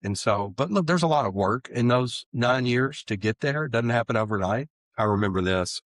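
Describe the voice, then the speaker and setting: A middle-aged man, earnestly telling his own recovery story in an interview and getting animated as he acts out his old excuses. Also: on the low side, no echo. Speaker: guest sharing recovery story.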